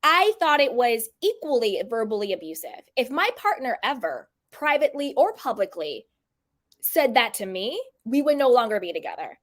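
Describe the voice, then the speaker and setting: A woman's voice: a little high, sing-song, normal speed. A woman giving casual, opinionated commentary on reality TV, now and then acting out quotes in put-on voices.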